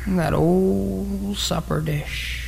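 A woman's voice: lowish voice, fairly even intonation, extremely slow, gravelly, long reverb tail, loud music behind the voice, heavily acted. A woman playing a dramatic pet dog who hates cats, in a theatrical, brooding stage-musical style. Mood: melodramatic.

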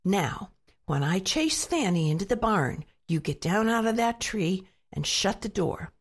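A woman voicing a brisk, scolding female parrot in a children's storybook. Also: medium pitch, expressive, husky.

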